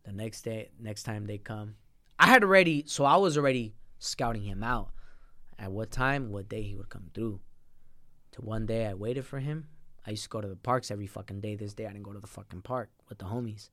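A man's voice: on the low side, a little fast, fairly bright tone, no echo. A young man speaking as a podcast guest, telling a personal story in a blunt, heavily profane and emotional way. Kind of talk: casual storytelling interview.

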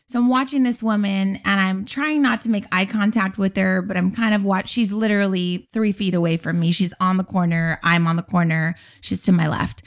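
Animated woman podcast storyteller. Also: medium pitch, moderate pace, hardly any pauses. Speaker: podcast co-host. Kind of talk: casual storytelling chat.

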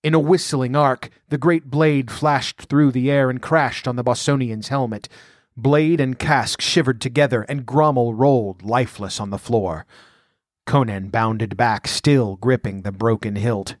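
A man narrating an adventure story aloud in a measured, dramatic reading. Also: medium pitch, no room sound, clean studio sound. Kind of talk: audiobook narration.

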